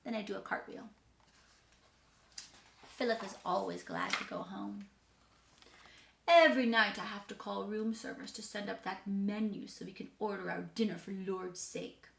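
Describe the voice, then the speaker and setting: A woman's voice: mid-range voice, fairly even intonation, moderate pace, vocal fry, pauses often, a bit bright, a little hiss or hum. Eloise, a boastful girl , as a woman puts her on. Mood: playful. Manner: chatty, boastful, matter-of-fact child monologue. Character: precocious mischievous six-year-old girl living in a hotel. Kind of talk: dramatic reading of a storybook character. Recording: roomy echo.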